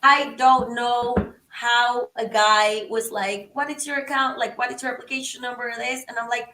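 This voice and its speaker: A woman guest on a podcast, telling a story in an animated, excitable way and acting out the quotes. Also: on the high side, normal speed, reverberant, far from the mic, slight background noise, poor audio. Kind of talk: casual storytelling.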